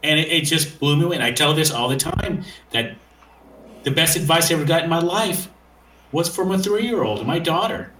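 A man hosting a relaxed conversation, eager and rambling, stumbling over his words as he goes. His voice is bright and a little high. The sound carries the echo of a hard room. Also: normal speed, slight background noise. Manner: enthusiastic, rambling, hesitant. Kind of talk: casual podcast conversation.

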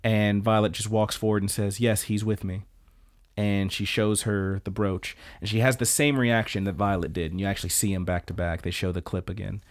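A man hosting a podcast, casually retelling scenes and breaking into excited asides. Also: fairly low pitch, a little fast, hardly any pauses. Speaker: podcast host. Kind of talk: casual episode recap.

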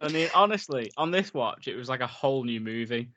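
A relaxed man talking films on a podcast. His voice sits in a middle register, and he rambles loosely with plenty of fillers. He slips into reading notes aloud now and then. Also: medium pitch, a little fast, muffled recording. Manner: laid-back, rambling with many "like"s, reads facts aloud. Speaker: podcast co-host. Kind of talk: casual film chat.

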